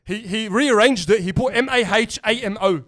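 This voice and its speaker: A young man, co-hosting a casual podcast chat and telling rambling, excitable stories full of swearing. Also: high-pitched, normal speed. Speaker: podcast co-host.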